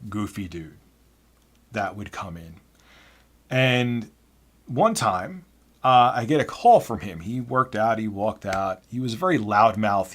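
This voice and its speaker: Animated man telling a retail story. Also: on the low side. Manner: animated, exasperated. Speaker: YouTuber. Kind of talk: casual storytelling.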